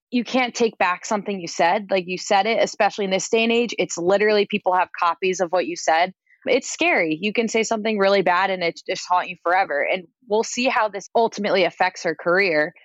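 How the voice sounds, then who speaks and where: A woman's voice: mid-range voice, fairly quick, dry recording, highs cut off. A woman guest on a podcast in casual chat, talking loosely with frequent "like" fillers. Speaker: podcast guest, entertainment editor.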